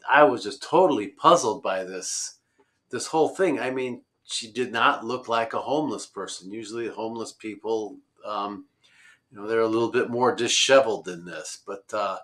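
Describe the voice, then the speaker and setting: Man, conversational storytelling, rambling, fillers and restarts, bright forceful tone. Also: lowish voice, moderate pace. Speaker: road-trip traveler guest.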